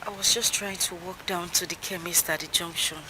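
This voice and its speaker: A woman's voice: fairly low pitch, fairly even intonation, a little fast, very noisy, natural voice. An actress playing an unwell young woman, speaking weakly and politely. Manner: weak, polite. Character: sick, weak young woman. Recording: music underneath.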